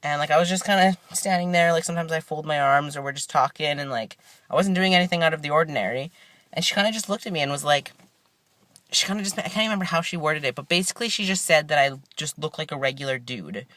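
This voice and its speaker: A young man sits in his parked car talking straight to the camera, relaxed and rambling, his thoughts full of fillers and restarts. His voice sits a little high for a man. The sound is dry and close, with no room echo. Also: fast. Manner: rambling, laid-back, many fillers and restarts. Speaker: vlogger. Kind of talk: casual vlog chat.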